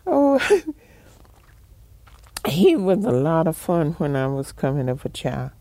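A woman's voice: low voice, big pitch swings, takes it slowly, long pauses, dark tone, no echo. An older woman, reminiscing in an oral history interview, rambling and chuckling as she tells stories. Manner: rambling storytelling, frequent chuckles.

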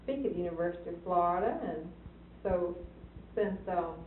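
Brief: low-ish woman's voice, chatty, tinny and far from the mic in an echoey room. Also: normal speed. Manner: chatty, explains with restarts and fillers. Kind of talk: casual conversation. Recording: lo-fi distant echoey archival tape with hiss.

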